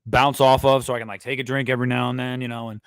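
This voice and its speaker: A man hosting a movie news livestream who rambles, jokes crudely and talks animatedly to his viewers. His voice sits at an ordinary middle pitch. The sound is dry and close, with no room echo. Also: flat delivery, racing, vocal fry, a bit bright, smooth. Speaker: host of a movie news stream. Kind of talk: casual livestream chat.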